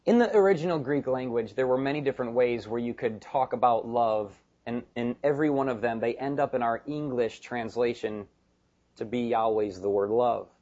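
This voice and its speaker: Animated pastor preaching, dull lo-fi sound. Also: male voice, medium pitch, moderate pace. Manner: animated and emphatic, with joking asides. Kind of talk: sermon.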